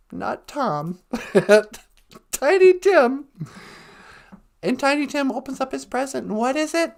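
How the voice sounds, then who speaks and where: A woman's voice: high voice, animated, slow, gravelly, pauses often, darkish tone. A woman host retelling a story comically in a rambling, loose way, laughing and searching for words. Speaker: podcast host.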